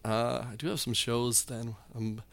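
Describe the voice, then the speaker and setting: A man's voice: medium pitch, fairly even intonation, a little slow, vocal fry. A young man, a comedian guest, telling long, rambling anecdotes in casual chat. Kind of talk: casual storytelling.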